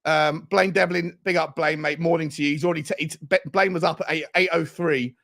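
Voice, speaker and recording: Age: adult. Sex: man. Role: livestream fan show host. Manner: excitable, hyped, slangy. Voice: high, gravelly. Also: a little fast. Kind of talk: livestream chat reading super chats.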